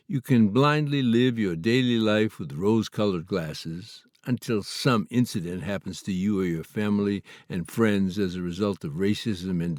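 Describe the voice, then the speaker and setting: Man, Canadian, memoir reading, measured, earnest, low pitch, dry close sound. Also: a little mellow, no echo. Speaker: author reading his memoir. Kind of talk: memoir audiobook narration.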